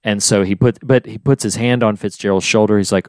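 Earnest low-voiced man discussing a film. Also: steady tone, brisk, darkish tone, no room sound, studio quality. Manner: earnest, emotional, retells scenes at length. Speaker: podcast co-host.

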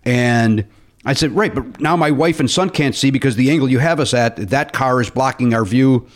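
A man's voice: mid-range voice, moderate pace. A man on a podcast, casually telling a story and acting out the quoted voices of the people in it. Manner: animated, acts out quoted voices in anecdotes. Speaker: podcast co-host.

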